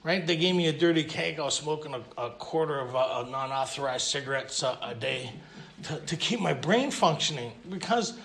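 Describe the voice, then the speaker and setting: This Canadian speaker has a slightly high, somewhat bright voice with vocal fry. Addressing a convention hall audience at a recovery event, he shares his story with self-deprecating humor, tripping over words and restarting often.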